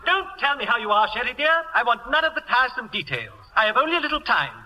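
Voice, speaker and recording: A self-adoring playwright in an old radio drama. His voice is strikingly high and bright, with theatrical swoops. He speaks in an arch, languid way. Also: big pitch swings, fast talker, exaggerated voice, rough recording. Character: flamboyant, self-absorbed English male actor and playwright. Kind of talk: 1940s radio acting.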